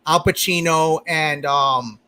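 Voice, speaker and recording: Chatty man, fairly high voice. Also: slow, background noise. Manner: animated, talks over others, many restarts. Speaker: podcast host. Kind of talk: casual group review chat.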